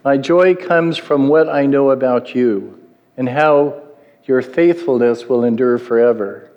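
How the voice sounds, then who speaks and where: A man's voice: mid-range voice, a little slow, muffled recording. A middle-aged man delivers a sermon in an earnest, teaching tone. He often stops to put questions to the congregation. His voice sits in the middle of the male range and trails off into the long echo of a hall. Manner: earnest, asks the listeners questions. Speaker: preacher.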